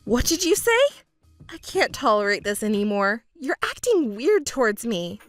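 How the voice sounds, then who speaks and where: A woman's voice: a little high, very animated, moderate pace, no room sound, soft background music. A woman voicing a young overworked fiancée who pleads and argues back defensively. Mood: pleading. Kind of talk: texting story voice acting.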